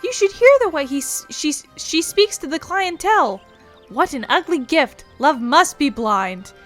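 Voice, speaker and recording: A woman's voice: high voice, expressive, unhurried, faint music behind, pitched above the performer's own voice. A woman voicing a harried, fussy little male moogle postman who grumbles in formal, old-fashioned phrases. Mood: fussy exasperated.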